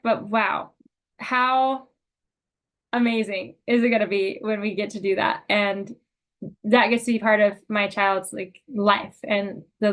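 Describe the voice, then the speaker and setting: Upbeat woman leading a video call. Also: on the high side. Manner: upbeat, emotional pep talk with many fillers. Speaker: sales unit leader. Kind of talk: video call team meeting.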